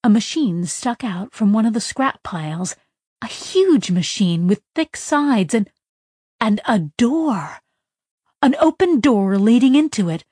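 A woman's voice: a little high, big pitch swings, a little slow, mellow, breathy edge, no room sound, clean studio sound. A woman narrating a story in a tense, dramatic reading style with urgent bursts. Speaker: audiobook narrator.

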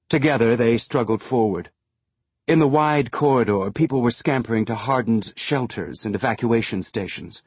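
Husky-voiced male audiobook narrator. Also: lowish voice, normal speed, darkish tone, dry recording.

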